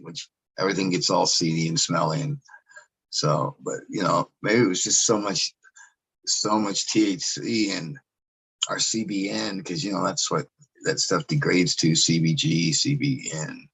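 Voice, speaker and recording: A man with a very low, gravelly voice talks in a loose, rambling way as a podcast guest. His tone is hoarse and rough, with sarcastic asides and casual swearing. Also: a bit bright, poor audio. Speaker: podcast guest, cannabis photographer. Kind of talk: casual chat.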